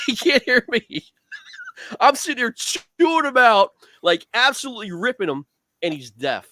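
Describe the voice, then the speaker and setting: With an extremely high-pitched voice at a moderate pace, a man on a video call rambles through a long fishing story. He's the guest angler, animated and full of fillers like "man" and "dude."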